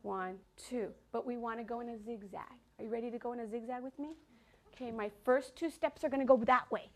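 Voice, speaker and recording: A high-voiced woman leads a children's dance class in a classroom. She talks with lively energy, coaxing the kids along and counting the rhythm aloud. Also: fast talker. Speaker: dance teacher.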